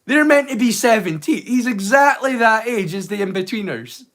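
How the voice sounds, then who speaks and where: A man's voice: sits high, animated, normal speed, a bit bright. A Scottish man chatting casually with live viewers, teasing and swearing freely. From Scotland. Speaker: live streamer.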